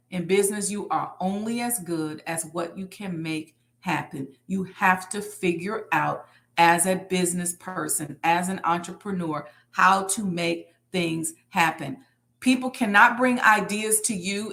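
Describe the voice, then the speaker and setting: A woman's voice: mid-range voice, fairly bright tone. A woman speaking leads a live online lesson on manifestation. She talks in a preacherly way and repeats her main lines for emphasis. Her voice is heard close to the mic. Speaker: manifestation teacher. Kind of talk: lecture to an online live audience.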